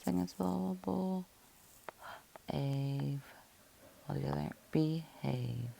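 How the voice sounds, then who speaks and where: A woman's voice: low-pitched, takes it slowly, vocal fry, mellow, a little hiss or hum. A woman teacher giving a patient, methodical phonics lesson, breaking words into syllables and spelling them out letter by letter.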